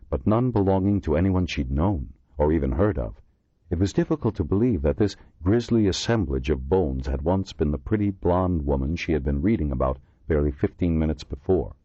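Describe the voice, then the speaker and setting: A man reading a horror thriller audiobook in expressive, measured narration. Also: very deep voice, slightly rough, no room sound. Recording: dull lo-fi dry recording.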